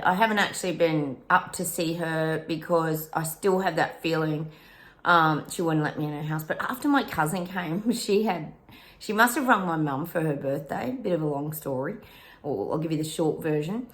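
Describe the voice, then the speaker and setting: A middle-aged woman with an Australian accent, a psychic vlogger venting in a casual rant straight to her viewers. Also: on the low side. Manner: frustrated, venting, talks straight to her audience.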